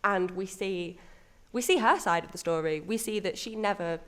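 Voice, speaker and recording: A woman's voice: mid-range voice, moderate pace, fairly bright tone. A woman co-hosting a podcast, chatting casually and enthusiastically about a theatre show she saw. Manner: chatty, enthusiastic, self-correcting. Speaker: podcast co-host reviewing a musical. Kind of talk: casual review chat.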